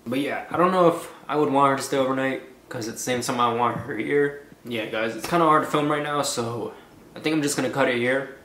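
A young man talking to camera in a casual vlog, tearful and soft-spoken. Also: medium pitch, brisk, echoey room, a little hiss or hum. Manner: soft, reassuring, emotional. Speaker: vlogger.

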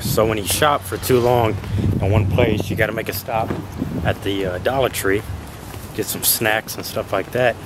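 A young man vlogging while sick, his voice almost gone, talking in a low-key, rambling way with fillers. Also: steady tone, normal speed, noisy background. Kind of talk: casual vlog chat.

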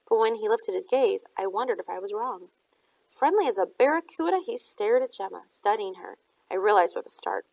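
Woman reading aloud with vocal fry. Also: medium pitch, no room sound, rough recording. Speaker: audiobook reader. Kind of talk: audiobook narration.

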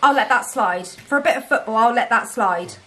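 A woman's voice: on the high side, brisk, bright, forceful tone. A British woman vlogging casually to camera, blunt, self-mocking and swearing constantly. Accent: British English. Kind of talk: casual vlog chat to camera.

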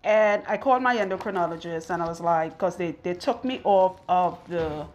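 A woman's voice: lowish voice, normal speed, a little mellow, highs cut off. A woman chatting with her viewers while she works on a client's hair, now and then out of breath. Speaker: loctician vlogger. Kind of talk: casual chat while working on hair. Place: hair salon in a home.

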